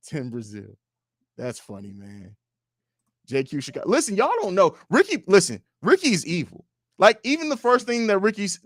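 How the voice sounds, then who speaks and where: A young man hosting a casual fan livestream from his home studio, reading out viewer comments and trash-talking with profanity, his delivery swinging between loud bursts and low mumbles. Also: dry recording. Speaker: livestream host.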